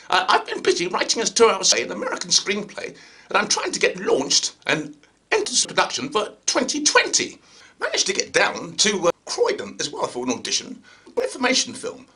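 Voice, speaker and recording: A man's voice: high-pitched, pushed and bright. A male actor with a received pronunciation accent, hosting his channel with a chatty, theatrical comic monologue. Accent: British received pronunciation.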